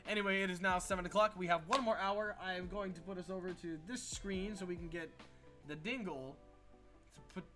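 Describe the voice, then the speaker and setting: A man hosting a live art stream in casual chat, excitable and laughing, swearing freely. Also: high voice, brisk, faint music behind. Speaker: stream host.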